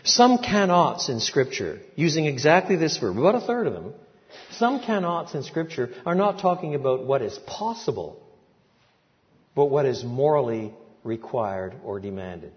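An older man preaching a sermon, telling a story with lively swings between quiet asides and loud, emphatic peaks. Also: on the high side. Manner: animated storytelling with big swings in loudness. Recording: muffled recording in a large reverberant hall.

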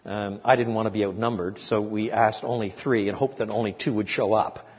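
An older man preaching an expository sermon, animated and full of restarts, building to emphatic rhetorical questions. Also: on the low side, a little fast, slightly rough. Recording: lo-fi, echoey hall recording.

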